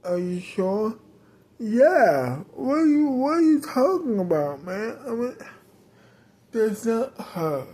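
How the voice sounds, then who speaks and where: A woman's voice: mid-range voice, animated, slow pace, dark tone. A woman doing an agitated, insistent young woman. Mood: indignant.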